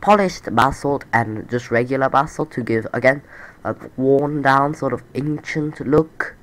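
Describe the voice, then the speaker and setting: A man's voice: mid-range voice, measured pace, a bit bright. A man with a stuffy, nasal voice giving casual, rambling commentary over his game build, repeating himself and poking fun at himself. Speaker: let's play creator.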